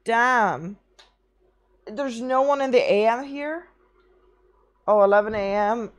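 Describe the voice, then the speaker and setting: A woman's voice: a little high, unhurried, darkish tone. A young woman streaming, chatting casually with her chat, tired from little sleep, rambling through anecdotes and swearing often.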